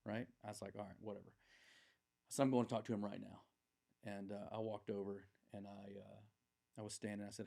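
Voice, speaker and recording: Gravelly man in his 40s rambling through a story on a podcast, lots of ums. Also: fairly low pitch, a little fast. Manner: rambling, animated anecdote-telling with many fillers. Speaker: podcast guest. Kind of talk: casual storytelling.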